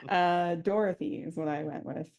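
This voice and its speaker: A woman playing in a tabletop game, soft-spoken and giggly. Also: lowish voice, steady tone, normal speed, lo-fi sound. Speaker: player. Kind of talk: casual chat at a tabletop game.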